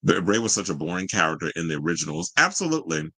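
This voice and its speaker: A man hosting a casual pop culture podcast, sassy and animated, reading viewer comments and riffing on them. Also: low voice, very fast, slightly rough, no echo, rough recording. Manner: sassy, animated, reads chat comments aloud. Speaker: podcast host.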